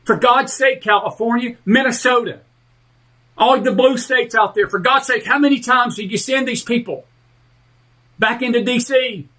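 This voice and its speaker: A male talk radio host ranting through heated political commentary, fired up and leaning hard on drawn-out emphatic words. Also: very high-pitched, pushed and bright.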